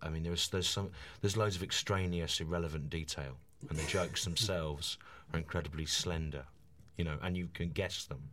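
Guesting on a radio chat, this forties-aged male comedian speaks with enthusiasm, stopping and restarting as he goes. He has a low, steady voice with a fairly bright tone.

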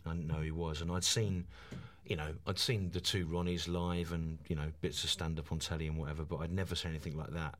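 A man in his forties, a stand-up comedian guesting on a radio chat, talking enthusiastically with halting restarts. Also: very deep voice, level tone, a little hiss or hum.

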